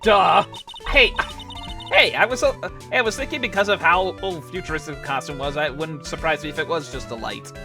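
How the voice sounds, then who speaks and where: A woman's voice: deep voice, brisk, few pauses. Giggly woman streamer over game music. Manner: joking, giggly asides. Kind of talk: let's play commentary.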